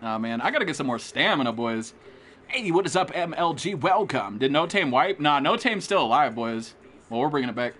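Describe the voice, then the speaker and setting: A man's voice: a little high, sing-song, fairly quick, a bit bright. A young American man streaming a game live, trash-talking with lots of swearing and hype while chatting with viewers. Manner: profane, hyped trash talk. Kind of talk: live gameplay commentary.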